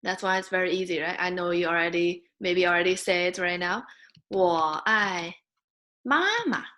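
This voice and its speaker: A woman teaching a beginner Mandarin lesson, patiently modeling sounds and words for learners to repeat. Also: monotone. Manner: slow, patient, models sounds loudly and high.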